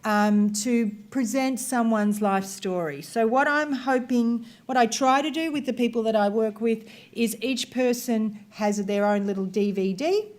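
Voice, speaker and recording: A woman's voice: fairly high pitch, unhurried, few pauses, darkish tone. A woman researcher giving a conversational workshop presentation, talking the audience through video examples. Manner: conversational, explanatory, talks through clips.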